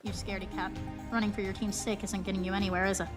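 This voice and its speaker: A woman voicing a sneering young female rival racer who taunts in a low, hushed tone. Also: little pitch movement, very fast, music in the background, lightly acted.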